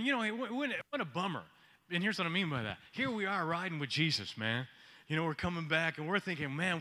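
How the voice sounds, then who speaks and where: A man preaching a lively, joking sermon. His voice is high for a man and very sharp and forceful. He keeps calling out questions to the congregation. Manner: joking, animated preaching with audience call-outs. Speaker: pastor.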